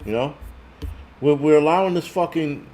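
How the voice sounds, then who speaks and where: A man's voice: fairly high pitch, moderate pace, dark tone. A man in his forties hosts a loose livestream, swearing freely and rambling as he answers viewer comments. His voice sits slightly above the usual male range. The tone stays blunt and unpolished throughout. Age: 40s. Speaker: host. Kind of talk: casual livestream rant.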